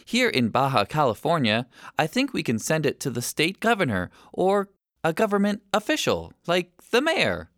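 A man's voice: fairly high pitch, huge pitch swings, normal speed, a bit bright, no echo, clean studio sound. A man voicing an eager, enthusiastic young girl in a storybook reading.

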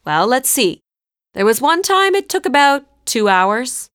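A woman voicing a calm, wry male driver from India, easygoing and teasing. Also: high-pitched, a little slow, smooth, no room sound, clean studio sound, pitched above the performer's own voice, full character voice. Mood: unhurried.

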